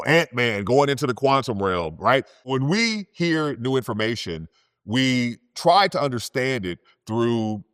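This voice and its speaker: A man's voice: mid-range voice, no room sound. Chatty physicist man, dry close sound. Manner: conversational, animated, many "you know" and "right?". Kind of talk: storytelling science talk.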